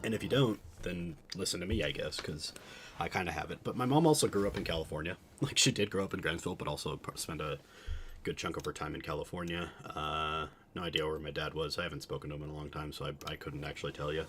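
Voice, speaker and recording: A man's voice: rumbling low, quick pace, fairly bright tone, a little hiss or hum. A young man from Utah with a subtle Utah accent, chatting casually to his stream in a rambling, hesitant way with lots of fillers. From Utah, USA.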